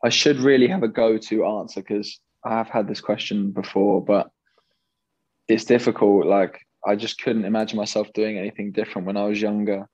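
Young English guest, laid-back, halting delivery; low register, dry lo-fi audio. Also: male voice, no echo. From England. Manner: relaxed, hesitant with fillers and restarts. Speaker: professional goalkeeper guest. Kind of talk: casual interview chat.

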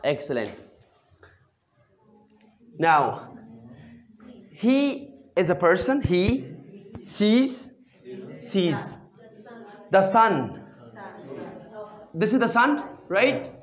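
Slow, lively-voiced English teacher drilling a class. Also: mid-range voice. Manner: patient call-and-response questioning with frequent praise.

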